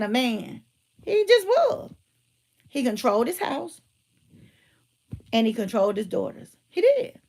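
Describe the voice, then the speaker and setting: A middle-aged woman, telling stories and giving emphatic, animated commentary. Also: high voice, vocal fry. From Georgia, US. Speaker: motivational speaker and teacher. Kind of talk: casual commentary with storytelling.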